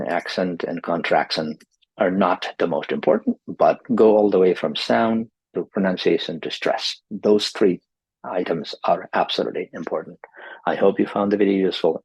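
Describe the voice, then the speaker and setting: A man's voice: low voice, creaky, a little mellow, slightly rough, no echo, poor audio. A man teaching pronunciation in an instructional video, talking emphatically and repeating his key advice.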